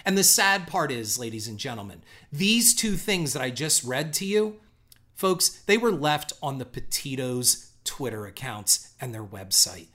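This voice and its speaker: A man's voice: mid-range voice, lively intonation, unhurried, sharp tone. A man giving a ranting, profane commentary, sarcastic and scornful, hammering his points with repetition. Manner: emphatic, punchy repetition.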